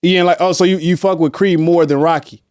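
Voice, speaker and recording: A man hosting a casual podcast, excitable, laughing often and hyping up his guests. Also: a little high, fast talker, clear, resonant tone, no room sound, clean studio sound. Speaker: podcast host.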